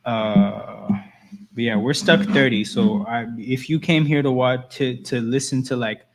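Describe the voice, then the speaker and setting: A man's voice: mid-range voice, measured pace, vocal fry, slight background noise. Chatty man hosting a livestream. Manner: loose, chatty, reads and answers chat. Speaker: livestream host. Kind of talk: casual livestream chat.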